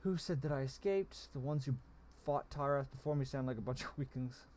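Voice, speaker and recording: A man's voice: medium pitch, brisk, a little mellow, slight background noise, close to an everyday voice. Blunt young gladiator hero, read by a man, cheeky and emphatic, storybook read-aloud.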